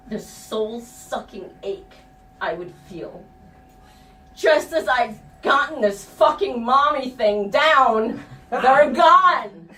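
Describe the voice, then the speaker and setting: A woman's voice: on the high side, fairly bright tone. A middle-aged woman telling a personal story live on stage, frank and profane and laughing at herself. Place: stage before a live audience. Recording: echoey room, distant mic, faint ambience.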